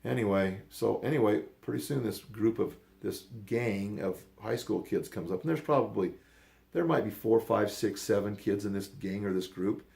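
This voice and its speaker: An older man tells a story in a loose, rambling way and says things bluntly. His voice sits a little low, with a gravelly edge. He slips into the voices of the people in the story as he goes. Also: normal speed, darkish tone. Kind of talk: casual storytelling.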